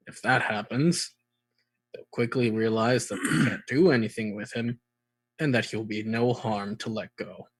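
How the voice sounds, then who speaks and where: A man's voice: lowish voice, fairly even intonation, unhurried, dry recording. A man playing a tabletop game, full of laughs and fillers. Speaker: player.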